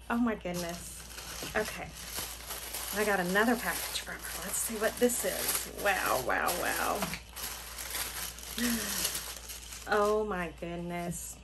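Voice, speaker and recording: A woman's voice: mid-range voice, background noise. A middle-aged woman, hosting a casual unboxing vlog and gushing with delight to her viewers. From Florida. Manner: gushing, exclaims often, talks to viewers. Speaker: craft channel host.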